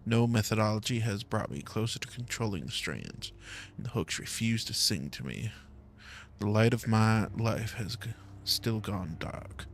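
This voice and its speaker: A man's voice: fairly low pitch, expressive, moderate pace, a little hiss or hum. A man streaming a game, reading its lore text aloud and joking about his own slips. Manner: reads in-game text aloud, stumbles and jokes at himself.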